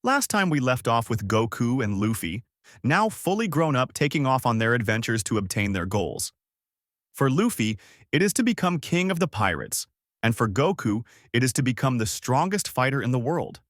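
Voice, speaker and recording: A man narrating a fan-made story in a steady, scripted storytelling manner. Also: mid-range voice, moderate pace, dry recording, studio quality.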